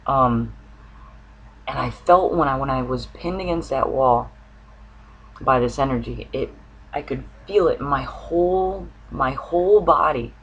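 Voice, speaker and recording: A man's voice: mid-range voice, a little slow, a bit bright, dull audio, a little hiss or hum. A man telling a personal dream story to the camera, earnest and searching for words, with an occasional cough. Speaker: spiritual vlogger.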